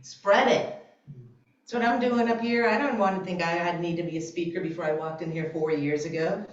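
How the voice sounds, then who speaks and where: A woman giving an animated, conversational inspirational talk to a congregation, laughing often. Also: lowish voice, fairly quick. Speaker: guest speaker at a church service. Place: church sanctuary. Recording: very echoey, distant, dull church recording.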